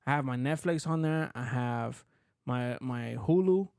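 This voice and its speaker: A man's voice: medium pitch, measured pace, vocal fry, a little mellow, smooth, no room sound, clean studio sound. A man in casual podcast chat, rambling and profane, restarting his sentences as he tells a story. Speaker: podcast co-host.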